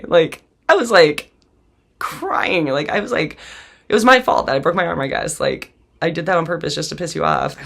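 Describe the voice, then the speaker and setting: A woman in her forties tells her own life story as a podcast host. Her voice is gravelly, with plenty of vocal fry. She talks bluntly and with swearing, often laughing through painful memories. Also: deep voice, fast talker, a bit bright. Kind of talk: candid personal storytelling.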